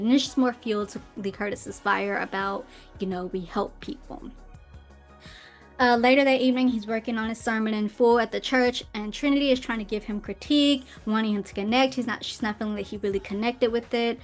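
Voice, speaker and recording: A woman hosting a podcast, casually recapping a film plot in a chatty way with quick asides. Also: a little high, fairly even intonation. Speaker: podcast host. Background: faint intro music.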